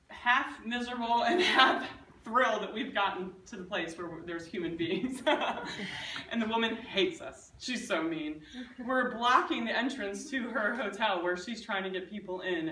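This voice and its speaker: A woman delivers a humorous storytelling speech to a live audience, animated and comic in her delivery. Her voice sits well back from the mic in an echoey room. Bursts of audience laughter and room noise come through behind her. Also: mid-range voice. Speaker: Toastmasters speaker. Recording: roomy echo from a distant mic.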